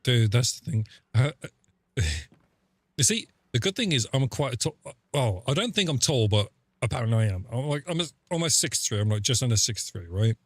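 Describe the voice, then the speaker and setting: A man's voice: mid-range voice, expressive, normal speed, no echo. A man chatting casually on a game stream, telling rambling, sweary stories full of fillers. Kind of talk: casual live-stream chat.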